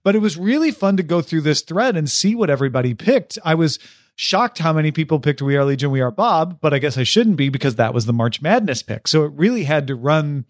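A man's voice: a little high, lively intonation, fairly quick, dry recording, studio quality. A man co-hosting a podcast in easygoing, agreeable casual chat. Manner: easygoing, agreeable, many "yeah"s. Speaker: podcast co-host.

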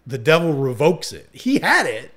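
A man's voice: fairly high pitch, huge pitch swings, moderate pace, fairly bright tone. A man co-hosting a podcast, chatting casually and enthusiastically, rambling with many fillers and restarts. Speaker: podcast co-host.

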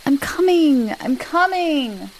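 Woman voicing a jumpy kid boy, raised pitch, gravelly edge. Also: lively intonation, normal speed, slight background noise. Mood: whiny. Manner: anxious, hushed. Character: nervous, jumpy young boy.

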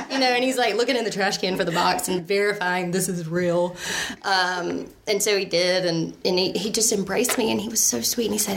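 A woman tells her own story in a relaxed, chatty way. She laughs often and fills her pauses with ums. Her voice sits at a middle pitch with a gravelly fry, over a faint hiss in the background. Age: 30s. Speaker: mother telling her story. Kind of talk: casual personal storytelling.

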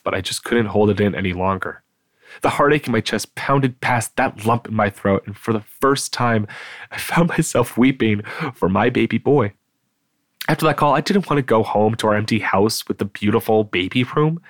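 Low-voiced man telling a painful story. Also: no room sound. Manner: halting, with repeated stammered starts. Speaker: storyteller recounting his own experience. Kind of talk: personal storytelling, read aloud.

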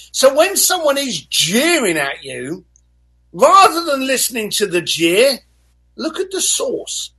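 A man's voice: very high voice, takes it slowly, husky. A man speaking as a guest in an interview, telling motivational stories energetically and acting out other people's lines. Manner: animated storyteller, acts out voices. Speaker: guest author.

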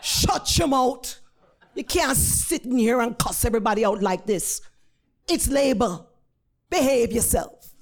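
A woman voicing a stern, motherly middle-aged nurse with a Jamaican accent, scolding loudly in broken grammar. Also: a little high, a little slow, creaky, pitched above the performer's own voice. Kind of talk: storytelling with acted quotes.

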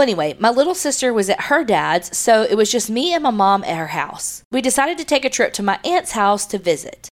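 A woman with a voice of ordinary pitch co-hosts a podcast. She reads listener letters aloud in a plain, steady way and chats casually between them. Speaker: podcast co-host.

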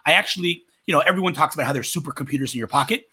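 Male guest, from Israel, quick and lively delivery, bright, slightly husky voice. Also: on the high side. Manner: rapid, animated storytelling. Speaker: guest entrepreneur. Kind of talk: casual interview talk.

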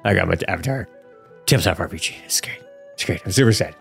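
A man co-hosting a casual podcast, chatting with excited, geeky enthusiasm and frequent laughter. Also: low-pitched, fast, vocal fry, soft background music. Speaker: podcast co-host. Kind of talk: casual chat.

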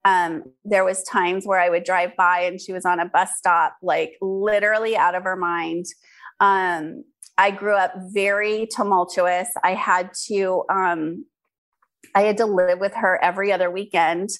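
A woman's voice: lowish voice, little pitch movement, measured pace, fairly bright tone. A woman from California, an interview guest and business founder, telling her life story candidly and earnestly, with frequent ums and restarts. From California, USA.

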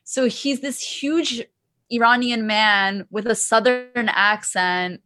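A young woman, a podcast co-host and guest, talking in a chatty, animated way with lots of "like". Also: fairly high pitch, slow pace, no echo. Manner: chatty, animated, uses "like" a lot. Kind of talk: casual chat.

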